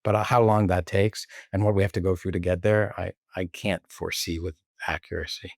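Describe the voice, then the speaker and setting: Interview guest: very low-pitched man, measured and thoughtful, dry close sound. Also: fairly even intonation, creaky, a little mellow, dry recording. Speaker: guest, Bitcoin author. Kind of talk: casual interview conversation.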